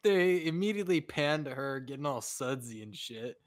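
Animated man in a casual chat. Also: a little high, moderate pace. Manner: animated, profane, laughs through lines. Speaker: podcast co-host reviewing a show.

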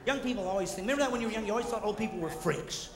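A man doing a high-energy stand-up comedy routine, ranting and jumping into shouted asides and mock voices. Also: rapid-fire. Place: theater stage before a live audience. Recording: echoey hall, noisy 1990s concert recording.

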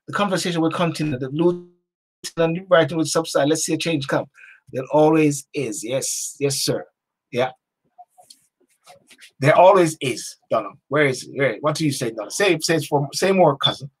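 A talk show host delivers a passionate, preachy motivational monologue, chanting slogans over and over and swinging from hushed to loud. His voice is fairly high and husky, and he keeps a moderate pace.

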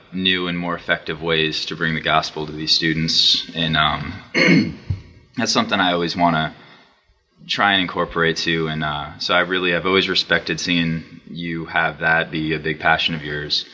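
Deep, flat-voiced man, halting and sincere. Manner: halting, many fillers, sincere. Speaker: former student, now in ministry. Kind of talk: heartfelt video tribute.

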